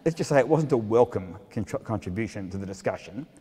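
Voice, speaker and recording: A man's voice: on the low side, lively intonation, fairly quick, dark tone, breathy edge. A middle-aged man, an author giving a humorous talk to an audience, self-mocking and full of asides. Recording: long hall reverb.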